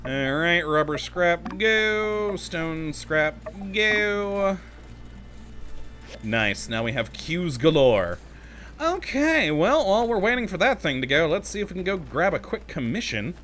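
A man's voice: fairly high pitch, very animated, moderate pace, a bit bright, soft background music. A man commentating casually as he plays a video game, talking to himself, easily exasperated and laughing often. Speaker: let's play host.

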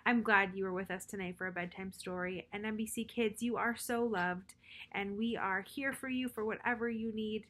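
A woman's voice: mid-range voice, fairly even intonation, moderate pace, fairly bright tone. A woman reading a bedtime story to children as their storyteller, friendly and speaking directly to her young listeners.

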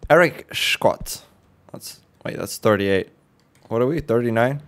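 A man casually commenting while playing a horror game, joking, reacting fast and swearing now and then. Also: medium pitch, lively intonation, a little hiss or hum. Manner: jokey, swears, quick reactions. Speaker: let's play host.

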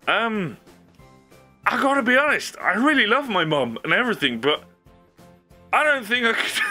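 A young man hosting his own video, talking casually and rambling with frequent laughs. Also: fairly high pitch. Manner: animated, rambling, laughs often. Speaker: YouTube host. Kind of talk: casual solo commentary.

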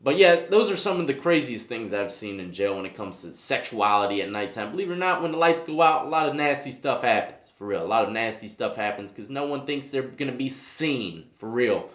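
A man's voice: medium pitch, animated, a little fast, few pauses, roomy sound. A man telling his own jail stories to the camera, talking in casual street slang and often checking in with the viewer. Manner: street slang, frequent "okay?" and "you know what I mean". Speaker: YouTube host telling prison stories.

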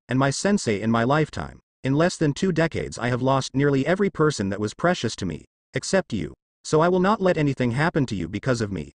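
A man voicing a young woman ninja who is fierce yet gentle and protective, read as a fanfiction audiobook. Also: medium pitch, dry recording, studio quality. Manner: protective, teasing.

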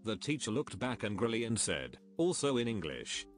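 A text-to-speech man's voice reading short stories aloud in a flat, even, synthetic manner. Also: lowish voice, normal speed, soft background music. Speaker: story narrator.

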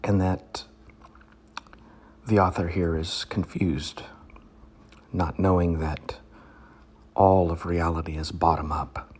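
A man's voice: deep voice, steady tone, slow pace, pauses often, a little mellow, slightly rough. A man giving a comedic poetry reading, mock-pompous and rambling, often dropping into whispers.

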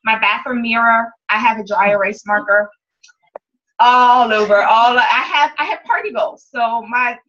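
Female team leader with a fairly high voice, candid motivational talk, swears casually, muffled recording. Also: sharp tone.

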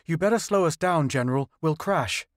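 A man voicing a nervous male space crewman who speaks in uneasy, hurried remarks. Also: fairly high pitch, expressive, dry recording, clean studio sound, voice pushed up, lightly acted.

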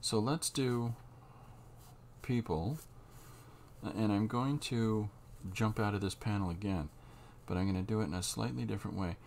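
A man talking through a drawing tutorial as he works, unhurried and halting, thinking aloud. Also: fairly low pitch, creaky, a little mellow, slight background noise. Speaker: comic artist drawing on camera.

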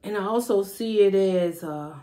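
A woman's voice: medium pitch, normal speed, mellow. Woman giving a rambling tarot reading. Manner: rambling, intuitive, thinks aloud with fillers. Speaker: tarot reader. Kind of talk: casual spiritual reading.

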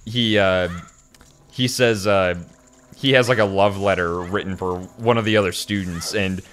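A man's voice: deep voice, fairly even intonation, normal speed, fairly bright tone. A man co-hosting a casual gaming chat, laughing a lot and telling rambling stories. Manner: chatty, laughs a lot, meandering anecdotes. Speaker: co-host.

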